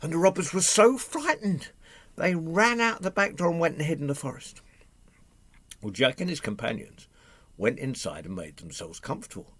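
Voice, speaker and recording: A man telling a folk tale to families, animated, asking the audience questions and doing animal noises. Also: a little high, moderate pace, no room sound. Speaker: storyteller. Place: home, online session.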